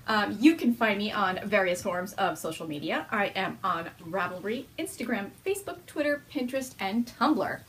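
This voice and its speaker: A woman's voice: medium pitch, lively intonation, normal speed, few pauses, a bit bright, slight background noise. A young woman hosting a knitting video podcast at home, chatting casually and laughing often.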